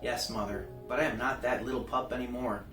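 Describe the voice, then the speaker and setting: A man's voice: mid-range voice, fairly even intonation, fairly quick, reverberant, far from the mic, over music, close to an everyday voice. A man reading aloud, voicing an earnest, polite young man who speaks formally.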